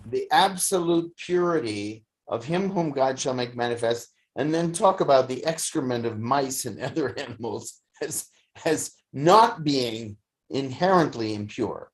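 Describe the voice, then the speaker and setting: A teacher giving a thoughtful lecture to a study group, pausing often with fillers and restarts. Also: medium pitch, lively intonation. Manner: halting, many fillers and restarts. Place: study session streamed on video call.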